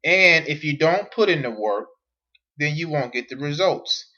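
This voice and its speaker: Man, bright forceful voice, emphatic and repetitive, whiteboard lesson, dull lo-fi sound. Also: on the high side, animated, unhurried. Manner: repetitive, emphatic, asks rhetorical questions. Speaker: online business coach. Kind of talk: whiteboard teaching monologue.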